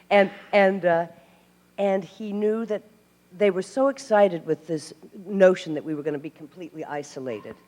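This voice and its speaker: A woman from Tennessee, a guest at a live Q&A, telling animated stories with laughs and restarts. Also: on the low side, measured pace. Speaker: actress guest. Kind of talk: live Q&A storytelling. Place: stage before a live audience. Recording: hall reverb.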